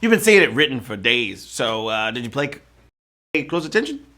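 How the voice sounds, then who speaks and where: A man's voice: medium pitch, sing-song, normal speed, bright, forceful tone. A man hosting a live trivia show, reading questions with playful rhyming quips and jokes. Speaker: trivia game show host.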